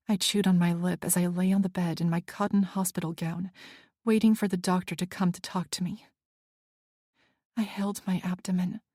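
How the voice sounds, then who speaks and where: A woman reads a first-person romance audiobook, telling it earnestly with an anxious edge. Her voice sits at a middle pitch, and the sound is dry and close, with no room echo. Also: warm tone. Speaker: audiobook narrator.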